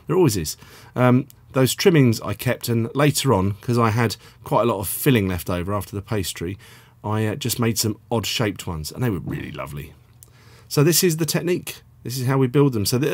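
Husky man hosting a cooking lesson. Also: medium pitch, no room sound. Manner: chatty, self-deprecating asides. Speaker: cooking show host. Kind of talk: casual cooking demonstration.

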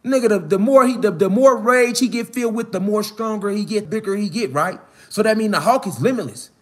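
A man giving a fired-up, profane, slangy preaching monologue outdoors in the mountains, often rising to shouts. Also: high-pitched, a little fast. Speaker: spiritual commentator.

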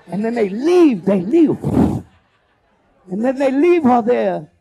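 A man doing a loud, profane stand-up comedy set as host, working the crowd and acting out bits. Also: very high voice, takes it slowly, creaky, breathy edge. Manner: loud, profane, animated crowd work with acted-out voices.

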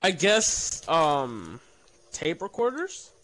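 A man's voice: on the high side, huge pitch swings, drawn-out words, fairly bright tone. A young man talking hesitantly with many fillers while playing a game with friends. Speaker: gaming friend. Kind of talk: casual gaming chat.

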